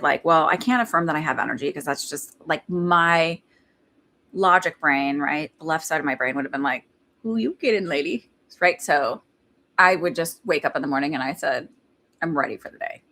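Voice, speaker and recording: Low-voiced rambling woman psychic. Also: bright, forceful tone. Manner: rambling, filler-heavy chat; laughs between thoughts. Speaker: psychic medium. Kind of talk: casual live-stream reading.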